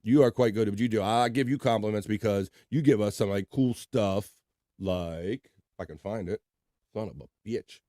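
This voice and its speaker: A man's voice: on the low side, normal speed, warm tone, no echo, studio quality. Laid-back male livestream host. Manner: laid-back, chatty, laughs often, reads chat aloud. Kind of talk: casual chat reading viewer comments.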